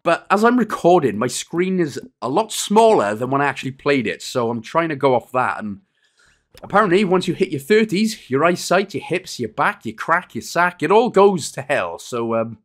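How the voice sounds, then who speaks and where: A man in his thirties narrating a game walkthrough in a casual, rambling, joking way, his voice going a little hoarse. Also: fairly high pitch, sing-song, normal speed, a bit bright. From Wales. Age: 30s. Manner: jokey, rambling, self-deprecating asides. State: losing his voice a bit. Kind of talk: casual gameplay walkthrough commentary.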